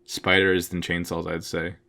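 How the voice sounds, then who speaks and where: Young man, casual podcast chat, low voice, hesitant, trails off quietly. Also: completely flat delivery, moderate pace. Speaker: podcast co-host.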